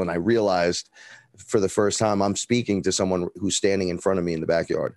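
Deep-voiced Bronx man telling a blunt story. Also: fairly even intonation, a little fast, darkish tone, dry recording. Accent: New York (Bronx). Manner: rambling, blunt and profane, acts out dialogue. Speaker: guest. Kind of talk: casual storytelling interview.

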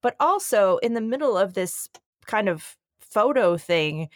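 A woman's voice: mid-range voice, big pitch swings, dry recording, studio quality. A woman co-hosting a podcast, chatting casually with a sardonic, teasing manner. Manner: sardonic, quick to tease. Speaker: podcast co-host. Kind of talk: casual political chat.

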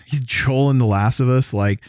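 A man from the American South, chatting casually as a co-host, rambling, excitable and full of swearing. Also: medium pitch, measured pace, clear, resonant tone, no room sound, clean studio sound. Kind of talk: casual chat.

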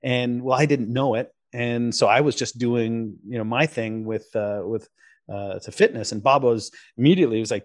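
A man's voice: mid-range voice, normal speed, dry recording, clean studio sound. A man tells his story in a loose, rambling way, restarting his sentences and dropping in fillers. His voice sits in an ordinary middle range. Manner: rambling, full of restarts and fillers, lively impressions. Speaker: podcast guest, photographer. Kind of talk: casual interview storytelling.

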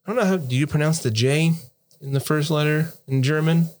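A man hosting and running a tabletop role-playing game in casual chat, easygoing and quick to laugh. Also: fairly high pitch. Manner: easygoing, laughs often, reads out lists. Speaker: game master and host.

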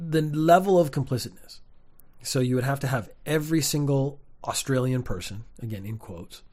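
A young man, rambling through a casual comedic monologue with wry, deadpan asides. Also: medium pitch. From Canada.

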